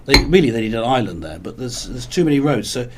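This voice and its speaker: A man's voice: mid-range voice, very animated, quick pace, noisy background. A man co-hosting a casual chat show, telling long rambling stories with dry, pedantic wordplay. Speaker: podcast co-host.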